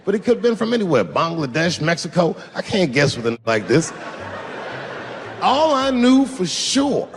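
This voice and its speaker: A man's voice: high-pitched, fairly bright tone, slight background noise. A middle-aged man doing stand-up comedy on stage, telling loose, profane stories full of acted-out quotes. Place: comedy stage before a live audience.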